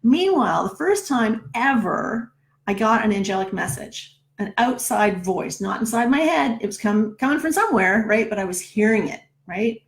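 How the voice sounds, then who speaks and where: This middle-aged woman, a numerologist, chats casually through a personal story, often tossing in "right?" to check in. Her voice is on the high side and animated, at a moderate pace.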